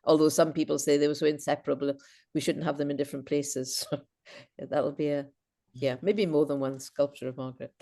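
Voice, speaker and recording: A woman's voice: low voice, little pitch movement, fairly quick, mellow. A woman, speaking as a guest over a video call, telling chatty stories full of false starts. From Britain, half Welsh half Scottish. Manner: chatty anecdotal storyteller with frequent false starts. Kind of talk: informal Q&A chat.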